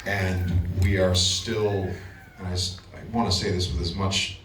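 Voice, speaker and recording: A man guest on a convention panel, telling his story in a casual, animated way, often restarting his sentences. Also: sits low, a little slow. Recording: echoey, distant mic with room noise.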